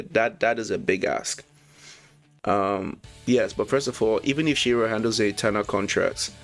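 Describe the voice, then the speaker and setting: A man casually reviewing a manga chapter, reading lines aloud, excited and slangy, laughing often. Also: fairly low pitch, gravelly. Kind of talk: casual read-along commentary.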